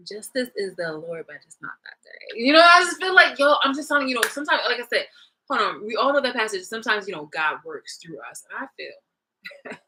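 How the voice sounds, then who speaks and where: Woman vlogger, bright edgy tone, loose profane storytelling to camera. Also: fairly high pitch, quick pace, slightly rough, low-quality recording. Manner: profane, animated, retelling a clip with laughs. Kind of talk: casual rambling monologue.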